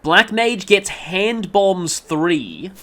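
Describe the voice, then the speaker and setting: A man's voice: high voice, animated, drawn-out words, a bit bright, faint music behind. A man giving casual gameplay commentary, rambling along with frequent ums and stopping to correct himself mid-sentence. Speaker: let's play commentator.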